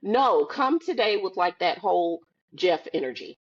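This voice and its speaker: A woman with a fairly low, slightly breathy voice speaks a little slowly as a podcast guest, casually telling lively stories and imitating the people she quotes. The audio sounds somewhat muffled and lo-fi, like a video call recording.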